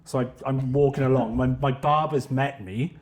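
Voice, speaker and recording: A man, a podcast guest telling a running story casually, animated and swearing freely. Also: mid-range voice, moderate pace. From South Wales. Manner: animated, swears freely, acts out his own quotes. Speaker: podcast guest, ultra runner.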